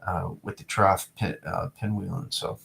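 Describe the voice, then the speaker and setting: A man's voice: low voice, level tone, normal speed, creaky, a bit bright, a little hiss or hum. A young man from New England chatting casually to his live-stream viewers, rambling and repeating himself as he reads the chat. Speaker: weather streamer.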